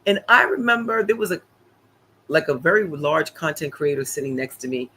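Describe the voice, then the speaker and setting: Talkative male live-streamer, fairly high voice, animated recap, slight background hiss. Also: normal speed, low-quality recording. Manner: animated, chatty, many fillers and repeated "honey, listen".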